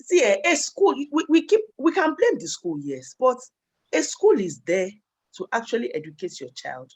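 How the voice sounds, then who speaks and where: A man's voice: very high voice, huge pitch swings, moderate pace, darkish tone. A man, making his points insistently as a panelist in a casual discussion.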